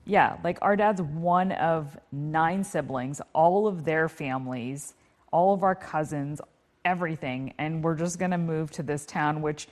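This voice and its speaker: A woman in her forties from Canada, co-hosting a podcast in relaxed, chatty conversation. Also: deep voice, unhurried. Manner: relaxed, chatty, filler-heavy. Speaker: podcast co-host. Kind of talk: casual podcast chat.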